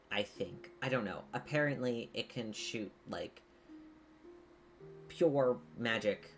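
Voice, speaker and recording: A game master voicing a flustered young adventurer in a streamed tabletop game, talking in halting bursts full of fillers and restarts. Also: mid-range voice.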